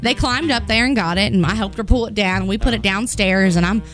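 A woman's voice: brisk, soft background music. A woman co-hosting a radio show, telling a long story in casual chat and acting out the voices in it. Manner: animated, acts out quoted voices with big pitch jumps.

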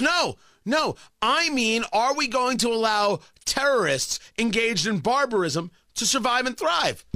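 Sarcastic talk radio guy, high voice swinging all over, punchy and bright. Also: lively intonation, measured pace, few pauses, no echo, studio quality. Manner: combative, sarcastic, emphatic repetition. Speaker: radio talk show host. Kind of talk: opinionated talk radio monologue.

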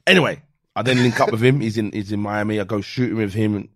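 A man, telling animated stories in a casual podcast chat and swearing freely. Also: on the low side, quick pace, dry recording, studio quality. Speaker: guest.

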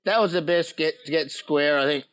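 A man's voice: fairly high pitch, moderate pace, over a noisy crowd. A man with an Australian accent telling pranks in casual chat, laughing often, swearing and acting out what others said.

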